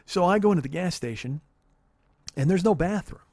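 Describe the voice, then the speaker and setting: A man in his forties tells a story at a fast clip, swearing and building his rants. His voice sits a little high. The sound is dry and close. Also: no echo. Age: 40s. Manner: profane, animated storytelling. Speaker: comedian telling a story. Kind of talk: storytelling comedy podcast.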